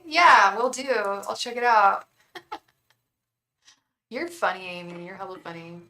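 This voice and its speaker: Chatty woman tarot reader with a bright voice. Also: on the high side, poor audio. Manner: rambling, chatty, talks straight to viewers by name; casual slang, calls viewers "girl" and "hun". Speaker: tarot reader and psychic on a live stream. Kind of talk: casual live-stream chat and card reading.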